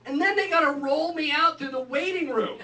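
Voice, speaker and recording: A man doing stand-up, telling a story with animated asides and acted-out quotes. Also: very high-pitched, brisk. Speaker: stand-up comedian. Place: live comedy venue. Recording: echoey room, far from mic, audience noise.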